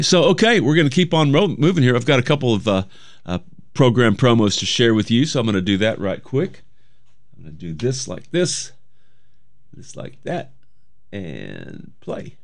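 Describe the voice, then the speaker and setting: A man's voice: low-pitched, dry recording, studio quality. A man hosting a radio music show, chatting loosely between songs and reading notes aloud. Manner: rambling, chatty, self-correcting. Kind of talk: casual radio chat. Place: radio studio. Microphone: studio mic.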